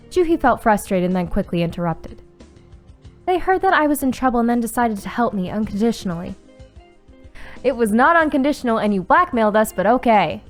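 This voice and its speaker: Woman reading a visual novel aloud, excitable. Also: fairly high pitch. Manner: reads story text aloud, breaks into excited squeals and swearing. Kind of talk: casual playthrough narration with reactions.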